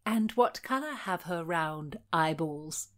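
Woman doing a spirited young mistress, teasing, brisk, a bit raised in pitch. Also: lively intonation.

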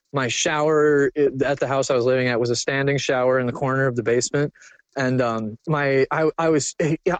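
A man's voice: mid-range voice, no room sound. A young man telling a personal story candidly, casual and profane, with lots of fillers. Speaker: guest.

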